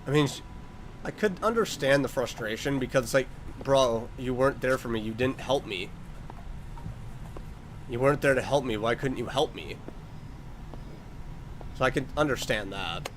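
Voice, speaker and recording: A man's voice: mid-range voice, lively intonation, moderate pace, pauses often, a little hiss or hum. A man playing a horror video game and commenting as he goes, talking to the characters and yelping when startled. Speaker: let's-play host.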